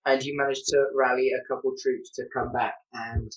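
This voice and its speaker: A man's voice: mid-range voice, little pitch movement, brisk, echoey room, distant mic, dull audio. A man narrating a tabletop game as game master on a video call, hesitant, with many ums.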